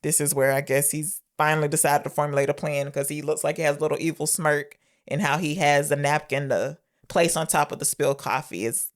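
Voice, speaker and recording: A woman's voice: low-pitched, fairly even intonation, brisk, few pauses. A young woman co-hosting a casual movie podcast, retelling scenes and acting out the characters' lines. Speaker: podcast co-host. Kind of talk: casual movie review chat.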